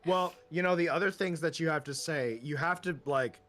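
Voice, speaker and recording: A man's voice: fairly high pitch, normal speed, fairly bright tone, soft background music. A man from the United States, a voice actor chatting and joking while streaming a game. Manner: playful, jokey. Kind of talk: casual chat while playing.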